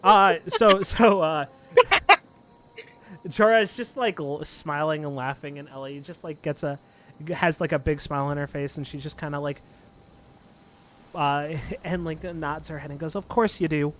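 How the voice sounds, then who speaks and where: Rambling high-voiced dungeon master man. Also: unhurried, pauses often, fairly bright tone, slight background noise. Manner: rambling, filler-heavy, casual. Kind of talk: narrating a tabletop game.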